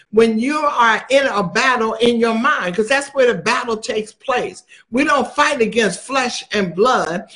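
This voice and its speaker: A man's voice: high voice, a bit bright. A man preaching a sermon, emphatic and repeating phrases for stress.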